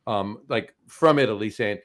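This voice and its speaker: A man's voice: lowish voice, moderate pace. A man hosting a casual chat, telling stories and rambling with restarts. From New Jersey. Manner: rambling, many fillers and restarts, tells stories. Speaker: host.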